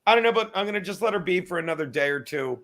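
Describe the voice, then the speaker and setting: A man with a high, bright, sharp voice, calling in over a video call. He tells a rambling story in casual chat, swearing freely and acting out what people said to him. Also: expressive, racing. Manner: rambling storytelling, swears often, acts out quotes. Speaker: drop-in guest. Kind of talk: casual chat on a live stream.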